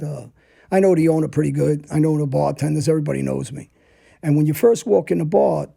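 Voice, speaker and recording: Middle-aged man, gravelly and husky, dark-toned; blunt, profane storyteller recounting his past in a casual, present-tense rush. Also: a little high. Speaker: storyteller guest.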